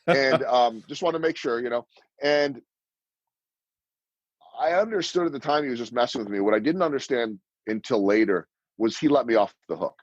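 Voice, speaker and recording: A man's voice: mid-range voice, normal speed, dry recording, lo-fi sound. Dry-sounding fifties man telling stories. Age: 50s. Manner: animated storyteller acting out quoted lines. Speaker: guest, sports broadcaster and speaker. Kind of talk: storytelling interview answers.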